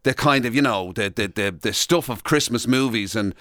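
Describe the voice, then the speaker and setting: A man's voice: mid-range voice, moderate pace, fairly bright tone, no room sound. An Irish man co-hosting a casual podcast chat, hesitant and full of fillers, into a studio mic. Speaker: radio and podcast co-host.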